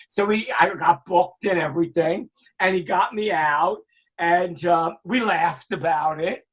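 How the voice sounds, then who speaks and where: High-voiced New man in his sixties. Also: unhurried, breathy edge. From Brooklyn, New York. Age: 60s. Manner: animated, acts out quoted voices, swears freely. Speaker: guest, music industry veteran. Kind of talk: casual storytelling interview.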